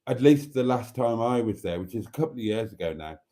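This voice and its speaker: Rambling, mellow-voiced man hosting a live stream. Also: mid-range voice, lively intonation, brisk. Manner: rambling, chatty, laughs easily. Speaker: channel host. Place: motorhome.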